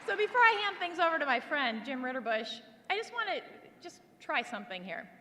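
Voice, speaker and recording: A woman gives a rally speech in a high, bright voice. She works the crowd with energy. Her voice rings through a large echoey hall over crowd noise. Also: a little fast. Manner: energetic crowd-rousing, leads chants. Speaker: political rally speaker. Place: large indoor rally venue.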